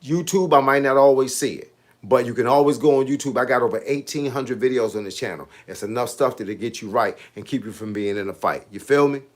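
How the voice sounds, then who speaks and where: A man in his late fifties, a boxing coach hosting a casual livestream, reading comments and giving animated, preachy advice in street slang. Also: mid-range voice, brisk. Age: 50s.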